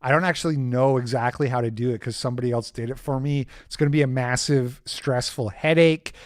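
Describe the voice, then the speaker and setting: A man hosting a stream, telling a rambling story in a casual, animated way, swearing freely and poking fun at himself. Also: mid-range voice, fairly quick, no room sound, clean studio sound. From Canada. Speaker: streamer host.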